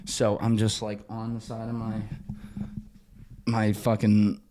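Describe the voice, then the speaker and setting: A young man, a podcast guest, telling a long story with lots of swearing and sudden shouted quotes, acting out the people in it. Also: on the low side, monotone, slow pace, background noise. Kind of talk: animated storytelling in casual conversation.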